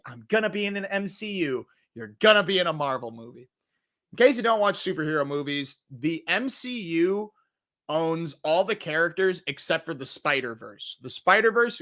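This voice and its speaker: A man's voice: a little high, sharp tone. A man hosting a casual movie review show, talking animatedly, swearing freely and acting out quotes.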